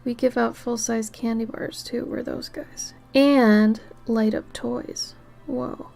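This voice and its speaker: Casting note: tired woman art streamer, slow unhurried chat, fairly high voice with lots of vocal fry, frequent half-whispered asides. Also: fairly even intonation, soft background music. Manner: drowsy, soft-spoken, drifts into half-whispered asides. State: tired, yawning. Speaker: art livestreamer. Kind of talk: casual chat while drawing on stream.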